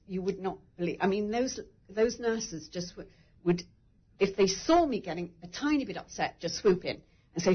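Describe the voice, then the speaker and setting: A woman's voice: medium pitch, moderate pace, breathy edge, muffled recording. A woman who survived breast cancer, sharing her story in a candid, rambling way and laughing through tears. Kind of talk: emotional personal story in a conversation.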